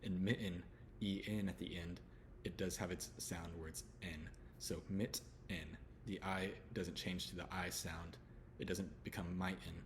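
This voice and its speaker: A man from Houston, teaching letter sounds in a relaxed lesson and slowly repeating each sound. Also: low-pitched, a little hiss or hum. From Houston, Texas. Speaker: English pronunciation teacher. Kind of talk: casual spoken lesson.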